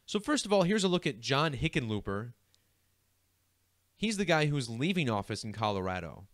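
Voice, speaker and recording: A man's voice: mid-range voice, very animated, moderate pace, no echo. A young man hosting a numerology video, talking casually over a screen share and often breaking into laughter. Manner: giggly, keeps breaking into laughter.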